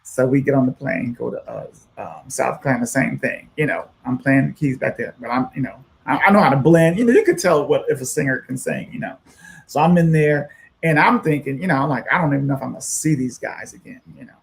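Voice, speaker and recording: A man's voice: mid-range voice, brisk, creaky. A man guest on a radio show, telling a long story with lots of "you know" and acted-out quotes. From United States. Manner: animated, acts out quoted voices, many fillers. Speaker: musician guest.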